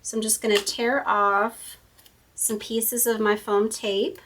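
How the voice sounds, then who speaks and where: A woman's voice: a little high, flat delivery, slow, fairly bright tone, recorded from a distance. A woman hosting a casual card-making tutorial at her craft table, chatty and thinking aloud as she works. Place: home craft room.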